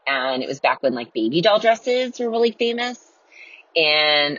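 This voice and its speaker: A woman with a low, husky voice rambles through a self-deprecating story with giggly asides. The sound is dull and lo-fi, with a dry, close feel. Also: very animated, a little slow, fairly bright tone, dry recording. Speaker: podcast guest. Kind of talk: casual storytelling. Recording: dull lo-fi recording.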